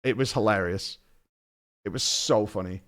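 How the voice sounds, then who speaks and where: A man streaming, telling stories in a casual, animated way, swearing and laughing often. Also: fairly low pitch, moderate pace. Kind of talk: casual chat.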